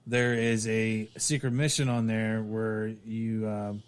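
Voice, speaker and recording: A man's voice: fairly low pitch, little pitch movement, slow pace, clean tone. A man co-hosting a podcast, telling a story in casual chat with many restarts. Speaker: podcast co-host.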